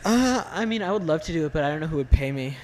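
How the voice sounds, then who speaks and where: A man in his twenties in casual chat about films, halting and blunt, with lots of fillers. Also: on the high side, expressive, a little mellow, a little hiss or hum, rough recording. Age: 20s. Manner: halting, full of "like" and "uh", blunt opinions. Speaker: film fan in conversation.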